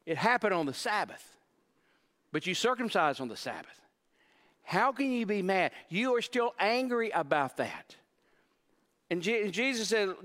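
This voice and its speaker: Pastor, male, high-pitched; earnest sermon delivery with restarts; echoing sanctuary. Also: sing-song, a little slow, long pauses, a bit bright. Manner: earnest preaching with stammered repeats. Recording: long hall reverb.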